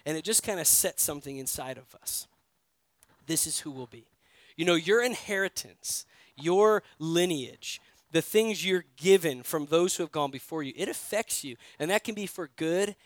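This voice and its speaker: A man from New York preaches a sermon in a high, smooth, resonant voice. He tells stories in a conversational way and often turns to his listeners with direct questions. The recording is dry and close. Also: no room sound. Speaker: pastor.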